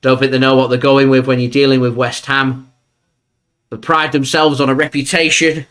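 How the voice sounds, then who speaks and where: A man hosting a live football watchalong, chatting opinionatedly and breaking into excited play-by-play. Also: medium pitch, normal speed. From England. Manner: chatty, opinionated, bursts up for match action. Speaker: football fan channel host. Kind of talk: live match watchalong commentary.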